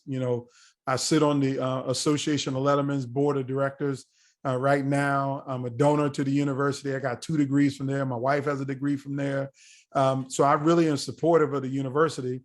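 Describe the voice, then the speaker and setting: A man in his forties, a podcast guest telling a story in a casual, animated way and acting out the dialogue. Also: mid-range voice. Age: 40s. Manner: animated, acts out quoted dialogue.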